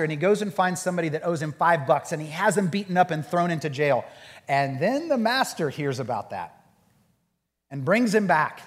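A man preaching a sermon and leading a group discussion, acting out quoted voices in an animated way. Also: fairly high pitch, long reverb tail. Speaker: pastor.

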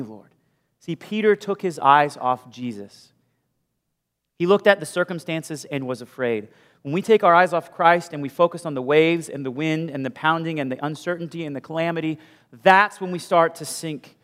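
Guy preaching a sermon, lively storytelling, voice on the higher side, long hall reverb. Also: normal speed. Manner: animated storytelling, shifts between loud bursts and hushed asides. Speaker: pastor.

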